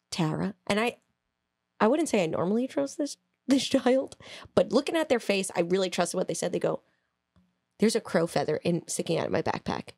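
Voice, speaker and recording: Animated woman telling a story, dry. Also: mid-range voice, dry recording. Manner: animated, laughing, swearing, acts out quotes. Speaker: podcast co-host. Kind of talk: casual storytelling chat.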